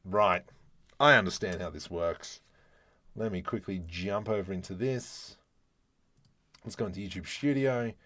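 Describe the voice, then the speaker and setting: Low-voiced and unhurried, the Australian man leaves long pauses, his tone pushed and bright. He's from Adelaide and streams 3D modeling tutorials live, joking, chatting and talking himself through each step.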